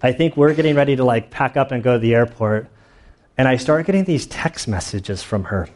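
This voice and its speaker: A man's voice: medium pitch, brisk. A man preaching a sermon as pastor, telling stories in a loose, casual way and acting out what people said. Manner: casual storytelling, animated retellings.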